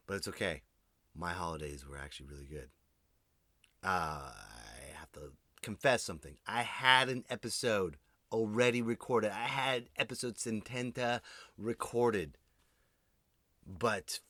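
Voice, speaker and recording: Male podcast host, lowish voice, forceful and ranty, talks straight to his listeners, swears freely, dry close sound. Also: measured pace, dry recording. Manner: animated, ranting, swears freely; addresses listeners directly. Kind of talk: comedic solo monologue.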